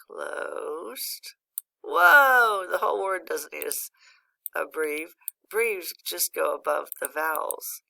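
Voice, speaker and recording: A woman's voice: low-pitched, lively intonation, slow pace, creaky, pushed and bright. A patient woman teaching a phonics lesson to a young child, praising often and guiding each word step by step. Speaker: reading teacher.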